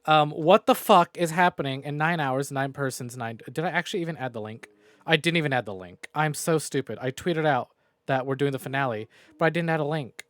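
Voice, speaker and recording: A man's voice: a little high, brisk, no room sound. A man streaming a game from home on a new microphone, rambling, swearing and mocking himself while recapping the story. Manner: profane, rambling and self-mocking. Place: home room. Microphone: new desk microphone.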